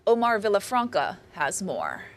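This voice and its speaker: A female news anchor reads the headlines in a clear, crisp way. Her voice is mid-pitched for a woman and her delivery is even. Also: moderate pace, a crowd in the background.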